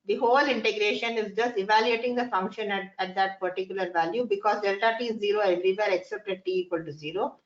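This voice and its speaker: A woman's voice: mid-range voice, fairly even intonation, fast, few pauses. A woman giving a classroom lecture, often repeating phrases and putting questions to her students. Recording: echoey, dull lo-fi room sound.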